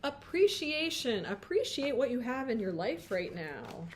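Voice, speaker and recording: A woman's voice: on the high side, sing-song, unhurried, hardly any pauses, background noise. A woman doing a pick-a-card tarot reading, chatty and playful, often breaking off mid-thought and laughing at herself. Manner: chatty, self-interrupting, sings snatches of song.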